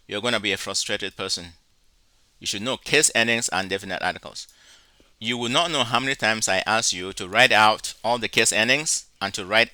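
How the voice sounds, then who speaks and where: A man teaching a recorded lesson, speaking slowly and deliberately and breaking words into syllables. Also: on the low side, sharp tone, no room sound. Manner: slow, deliberate, spells out syllables. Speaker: Greek teacher. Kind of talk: recorded lecture.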